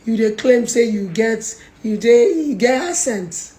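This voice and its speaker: A woman's voice: on the high side, unhurried, warm tone, echoey room. A young woman with a Nigerian accent, mocking and scolding someone in a confrontational call-out video. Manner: mocking, scolding, Pidgin-heavy. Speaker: social media personality.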